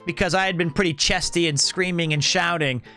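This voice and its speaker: A young man hosting a stream, telling a rambling, joking story in a casual, animated way. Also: a little high, a little fast, soft background music. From United States. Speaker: streamer host.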